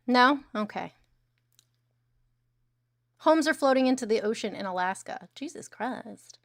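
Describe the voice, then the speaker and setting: A young woman with a somewhat high voice runs a casual news commentary stream. She talks bluntly and sarcastically and swears freely. The sound is close and dry. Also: expressive, moderate pace, pauses often, fairly bright tone, no echo. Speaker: livestream host.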